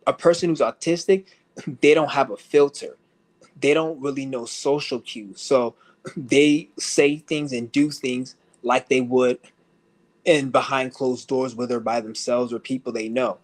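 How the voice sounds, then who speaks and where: A man ranting to his stream audience in a blunt, profane way, laughing often as he talks. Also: medium pitch. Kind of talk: casual rant to camera. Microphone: streaming setup.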